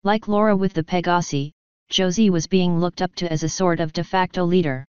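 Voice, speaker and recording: A woman narrating a fan story in a steady, even reading voice. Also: lowish voice, brisk, clean tone, no echo, highs cut off. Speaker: fanfiction reader. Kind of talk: audiobook-style story narration.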